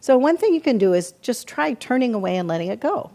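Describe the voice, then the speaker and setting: An older woman teaching meditation in a calm, reflective dharma talk, often acting out her own inner self-talk. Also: a little high, quick pace. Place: meditation hall.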